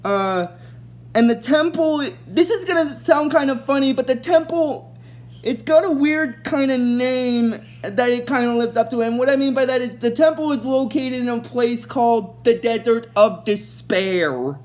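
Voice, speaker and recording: A woman with a fairly high voice recapping a TV episode off the cuff. She rambles, backtracks and fills pauses as she goes. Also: a little mellow. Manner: rambling, many fillers and restarts. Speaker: show recap host.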